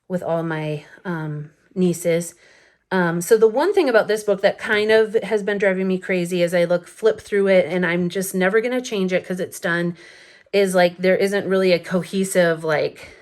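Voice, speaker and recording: A woman in her thirties chatting casually through a photo album flip-through late at night, rambling with lots of fillers and little laughs, a bit sleepy. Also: fairly low pitch. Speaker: scrapbooking vlogger. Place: home at night.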